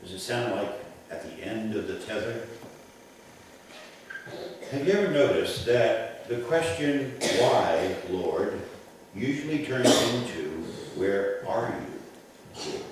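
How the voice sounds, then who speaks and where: Male pastor, measured emphatic sermon full of rhetorical questions; cavernous reverb, distant mic. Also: fairly low pitch, lively intonation, slight background noise. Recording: echoey church from a distant mic.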